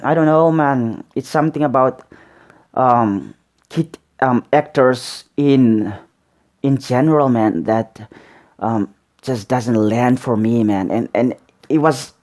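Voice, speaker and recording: A man hosting a reaction video who reviews in casual, rambling talk, ending nearly every phrase with "man" and filling gaps with "um". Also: medium pitch. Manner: says "man" after almost every phrase, many "um"s and restarts; excited and emphatic when praising, flatter and quieter when criticizing.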